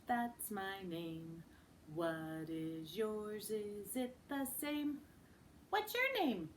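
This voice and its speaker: A woman's voice: mid-range voice, a little hiss or hum. A woman voicing a singsong caterpillar puppet. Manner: slow, sing-song chanting. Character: friendly caterpillar puppet singing its name.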